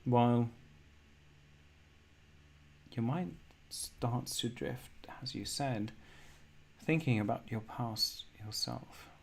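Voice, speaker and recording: Male game master, unhurried delivery, mid-pitched, building dread slowly. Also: vocal fry, a little hiss or hum. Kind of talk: narrating a horror tabletop game.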